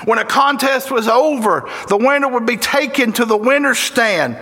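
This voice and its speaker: High-voiced fervent Tennessee preacher. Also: male voice, lively intonation, moderate pace, sharp tone. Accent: Southern US, Tennessee. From Tennessee, USA. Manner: fervent and folksy, with bursts of exclamation. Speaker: guest preacher. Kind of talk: sermon. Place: church sanctuary. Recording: echoey church hall reverb.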